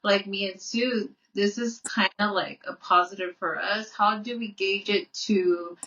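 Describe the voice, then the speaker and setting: A woman's voice: medium pitch, fairly even intonation, a little slow, pushed and bright, distant mic. A woman co-hosting a podcast in casual chat. She talks earnestly, restarts often and repeats her words. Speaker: podcast co-host. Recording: muffled audio, off-mic.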